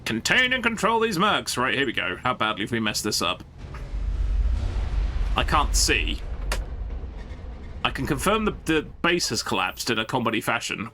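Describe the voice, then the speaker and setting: A man's voice: medium pitch, huge pitch swings, normal speed, long pauses, bright, forceful tone, soft background music. A man giving casual, jokey live-stream commentary while playing a strategy game, often stumbling and restarting his sentences.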